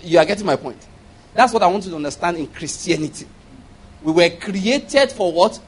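A man preaching a sermon in an animated way, often laughing and acting out little dialogues. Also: sits high, normal speed, slightly rough.

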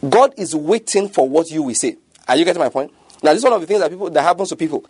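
Husky preacher, emphatic. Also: male voice, on the high side, animated, rapid-fire, darkish tone, dry recording. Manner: emphatic, keeps asking if listeners follow. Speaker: pastor. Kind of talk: sermon.

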